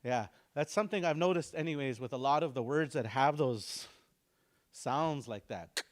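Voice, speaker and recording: A man teaching a language class, explaining pronunciation patiently and repeating sounds aloud for students to copy. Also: mid-range voice. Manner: explains slowly, repeats sounds aloud for practice, chuckles often.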